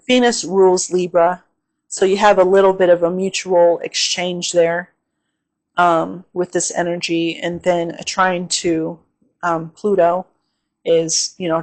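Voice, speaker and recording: Brief: woman, lower-pitched, casual astrology host, filler-heavy, keeps asking "okay?". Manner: chatty, many fillers and "okay?" check-ins; repeats gentle safety warnings. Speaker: astrology reader.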